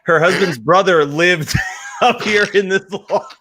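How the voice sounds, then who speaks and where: A man's voice: high-pitched, unhurried, sharp tone. A young man with a Pennsylvania accent, co-hosting a casual chat and telling stories with a lot of laughing. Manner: laughing, rambling storyteller. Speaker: podcast co-host.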